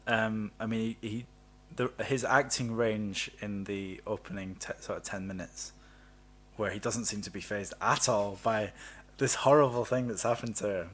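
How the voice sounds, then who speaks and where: A man's voice: fairly low pitch, fairly even intonation, normal speed, husky. A man, co-hosting a podcast and bantering easily, often laughing at his own jokes. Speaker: podcast co-host. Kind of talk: casual chat.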